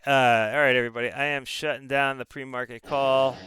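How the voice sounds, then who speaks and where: A man leads a live trading call in a relaxed, chatty way, often pausing on fillers and starting sentences over. His voice is bright and smooth, and it sounds dry and close to the microphone. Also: mid-range voice, dry recording, soft background music. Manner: casual, hesitant with fillers and restarts. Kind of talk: live market chat.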